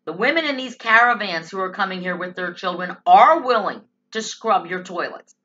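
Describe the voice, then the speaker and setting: Woman, sarcastic and blunt, bright forceful tone, dull lo-fi sound. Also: mid-range voice, lively intonation, normal speed. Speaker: political commentator. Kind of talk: opinionated monologue.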